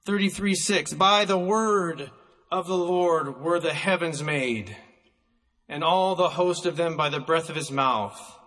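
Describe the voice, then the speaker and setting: A man preaching a sermon, emphatic and slowing down to stress single words, recorded in a church hall. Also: on the high side, a bit bright.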